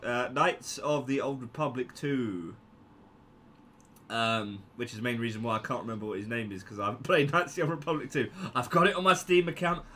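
A man giving casual gameplay commentary, excitable, yelping and joking as he plays. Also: mid-range voice.

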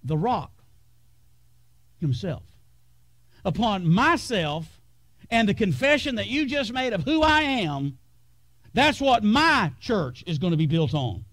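A man delivers a sermon from the pulpit in a fairly high voice. He builds with dramatic pauses and sometimes sinks to a hush. The recording is close and dry, with little room sound. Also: very animated, no room sound. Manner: preaching with dramatic pauses and sudden hushed drops. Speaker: pastor. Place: church sanctuary.

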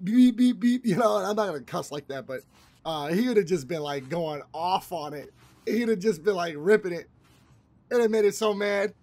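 Guy rambling over his gameplay, kinda husky, high voice, swears a lot. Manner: rambling, swears freely, repeats himself. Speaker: gaming channel host. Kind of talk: casual let's-play commentary.

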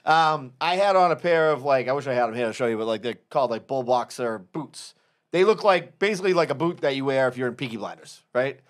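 A young adult man co-hosting a podcast, telling profane stories in a casual, animated way. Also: medium pitch, fast. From Massachusetts. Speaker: podcast co-host. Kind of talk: casual chat.

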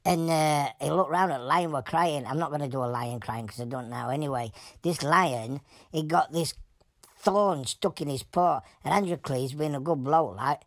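A woman voicing an animal who tells a rambling story in broad Yorkshire dialect, deadpan and plain-spoken. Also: low voice, moderate pace, no echo, clean studio sound. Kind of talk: comic animal voice-over.

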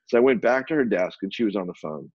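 A man, a photographer and publisher, telling an animated anecdote as an interview guest, with many restarts. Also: lowish voice, quick pace, husky, no room sound, muffled recording. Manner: animated, acts out quoted dialogue, frequent restarts.

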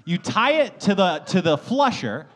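A man on a comedy podcast with a high, lively voice that swings up and down. He pitches silly ideas in a mock-infomercial way. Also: normal speed. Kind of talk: comedic casual chat.

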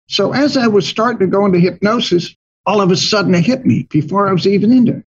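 An older money manager, a guest in an interview, tells personal stories vividly and acts out his own past dialogue. His voice is fairly high and slightly rough, and the audio sounds dull.

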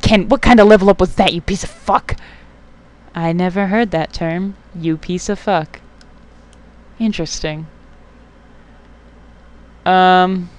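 Swearing, excitable young gamer. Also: medium pitch, clear, resonant tone. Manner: swears often, excitable, talks back to the game. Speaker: let's play gamer. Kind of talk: casual game commentary.

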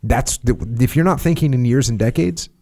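A man who is a podcast guest, chatting casually with quick teasing questions and reading passages aloud from a book. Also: mid-range voice, mellow.

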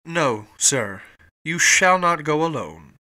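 A man's voice: mid-range voice, animated, measured pace, pushed and bright. A man reading an audiobook voices a stern, dutiful army captain with a firm delivery. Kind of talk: audiobook character voice.

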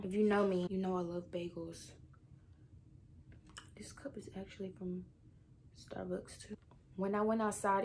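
A woman's voice: mid-range voice, a little hiss or hum. A young woman from Texas, chatting casually to camera at home in a vlog. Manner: chatty and animated, drawn-out exclamations; often drops to a soft whisper. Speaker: vlogger. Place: at home indoors.

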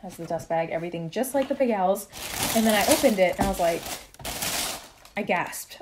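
A young adult woman chatting casually in a haul vlog, rambling and excitable as she shows her shoes. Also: mid-range voice, a little fast. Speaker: vlogger.

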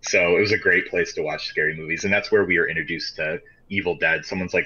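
Deep husky guy, dull lo-fi audio. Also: fairly even intonation, fast, bright, forceful tone. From Michigan, USA. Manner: rambling storyteller with many fillers, swears freely. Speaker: podcast co-host. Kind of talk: casual chat.

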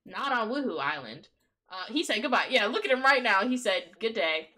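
A young woman, live-streaming and commenting on her game in an excitable, gossipy way, swearing freely and breaking into laughter. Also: on the high side, fairly quick.

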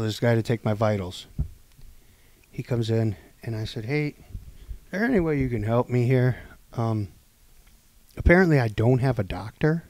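Dry, animated male storyteller. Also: mid-range voice, dry recording. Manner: animated, acts out quoted dialogue, swings between loud and hushed. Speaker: podcast co-host. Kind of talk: casual storytelling.

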